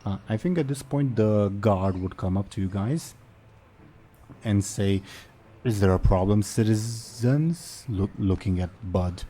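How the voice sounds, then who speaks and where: A man's voice: fairly low pitch, unhurried, mellow, a little hiss or hum. A man narrating as game master of a tabletop game, rambling and hesitant.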